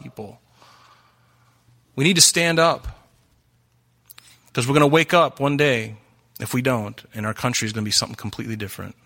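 A man's voice: mid-range voice, sharp tone. A man preaching a sermon as pastor, earnest and urgent, asking the congregation many questions.

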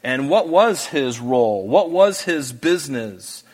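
A man's voice: medium pitch, lively intonation, measured pace. A man giving a verse-by-verse Bible teaching and reading scripture aloud with emphatic rises.

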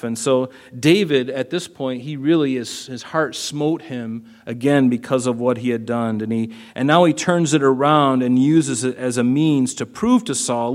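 A man's voice: medium pitch, moderate pace, hardly any pauses. A man preaching a sermon in a conversational way, asking his listeners questions and acting out the lines he quotes. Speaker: pastor.

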